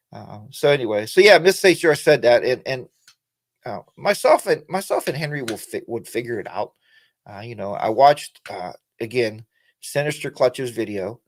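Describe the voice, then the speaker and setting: A middle-aged man from the United States runs a casual live-stream chat for his motorcycle channel, rambling with frequent fillers and restarts. His voice is medium in pitch.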